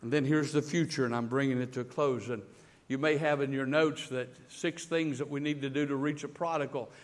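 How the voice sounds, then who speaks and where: A male pastor delivers a sermon, alternating between loud, emphatic crescendos and quiet, intimate moments, frequently repeating words as he builds. His pitch is medium, his tone steady, and his pace brisk.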